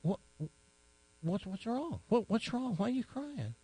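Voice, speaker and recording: A man's voice: very high-pitched, very animated, measured pace, mellow, slightly rough, pitched above the performer's own voice, exaggerated voice. A man doing a kindly, concerned policeman. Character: kindly male police officer.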